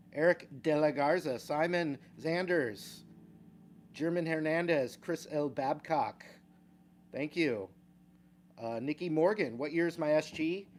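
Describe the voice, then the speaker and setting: This livestream host, a guitar teacher, has a slightly high, darkish voice. Taking his time, he works through viewer names in a relaxed way, letting out small laughs as he goes.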